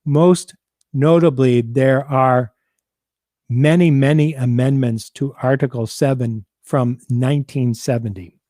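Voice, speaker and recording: A man hosting a civics program, reading out and explaining a state constitution in a measured, deliberate way. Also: medium pitch, fairly even intonation, mellow, dry recording, clean studio sound. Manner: measured, deliberate, quotes documents aloud.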